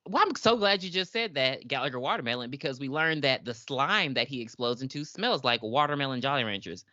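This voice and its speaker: A woman's voice: very deep voice, fairly quick, no room sound, highs cut off. A woman in her twenties co-hosting a podcast, casually recapping an episode with laughter and acted-out lines. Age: 20s. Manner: animated, laughing, acts out characters in voices. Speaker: podcast co-host.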